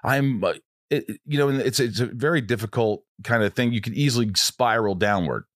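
A male actor hosting a candid conversation, an animated storyteller who acts out what people said. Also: medium pitch, brisk, no room sound, clean studio sound. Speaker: actor host.

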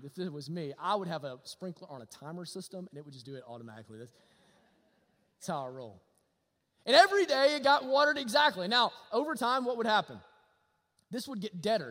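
A man preaching a sermon, animated, swinging from loud to hushed. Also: sits high. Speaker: pastor. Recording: long reverb of a hall.

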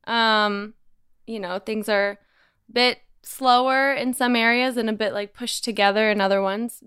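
A woman's voice: on the high side, fairly even intonation, unhurried, a bit bright, clear, resonant tone, no room sound, studio quality. A woman with a Kentucky accent hosting a casual podcast, chatting in a youthful, self-deprecating way. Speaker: podcast host.

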